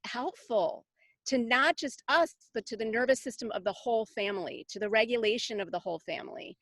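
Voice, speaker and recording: A middle-aged woman talks about parenting in a loose, chatty way, circling back with fillers and restarts. Her voice sits a little high. The sound is close and dry, with no room around it. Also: a bit bright, dry recording. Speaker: parenting coach, summit guest. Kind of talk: casual conversational interview.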